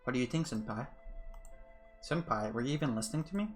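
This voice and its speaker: A man's voice: mid-range voice, animated, fast talker, faint music behind, close to an everyday voice. A man reading as an earnest nerdy schoolgirl. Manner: earnest, insistent. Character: anxious nerdy schoolgirl, eager conspiracy theorist.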